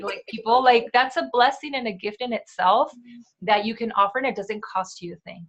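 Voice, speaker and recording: A woman's voice: on the high side, moderate pace. Heartfelt woman co-hosting a chat show. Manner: heartfelt and emotional, with many fillers and tag questions. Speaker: co-host. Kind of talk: casual chat.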